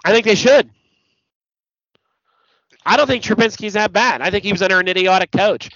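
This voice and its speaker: A man co-hosting a podcast, chatting casually about sports, blunt and profane, telling stories with animated asides. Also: high-pitched, moderate pace, no echo. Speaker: podcast co-host. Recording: dull lo-fi podcast audio, dry.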